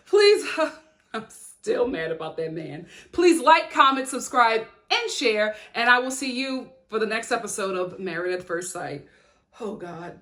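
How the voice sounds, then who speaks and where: A woman from Chicago giving an opinionated, heated recap of a reality show, sassy and animated with frequent laughter. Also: fairly high pitch.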